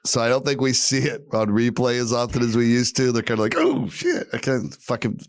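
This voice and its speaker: A man's voice: medium pitch, flat delivery, fast talker, no room sound. A man co-hosting a comedy podcast, talking in a wry, laid-back way with casual swearing.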